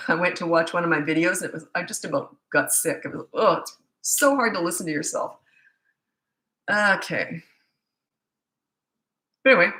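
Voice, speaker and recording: A woman's voice: fairly low pitch, sharp tone, reverberant. A middle-aged woman coaching parents in a rambling, chatty live Q&A with many asides. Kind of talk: casual live Q&A.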